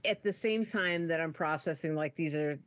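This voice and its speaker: A woman's voice: low voice, moderate pace. Middle-aged woman searching for words. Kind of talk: casual group chat.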